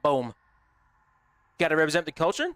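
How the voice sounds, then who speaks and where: A gaming streamer plays live and chats brashly with his viewers, swearing and joking and talking straight to chat. His voice is on the high side, very animated and smooth, with a fairly bright tone at a normal speed.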